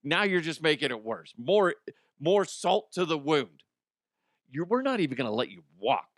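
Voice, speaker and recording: A man's voice: on the high side, sing-song, normal speed, no room sound, clean studio sound. A man hosting a comedy show, ranting casually in an exasperated way and swearing freely. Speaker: comedy podcast host.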